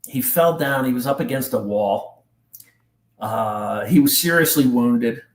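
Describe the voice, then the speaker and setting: A middle-aged man from New Jersey guests on a podcast, recounting personal pain in an intense, faltering delivery laced with slang. His mid-range voice is animated, caught in a roomy echo.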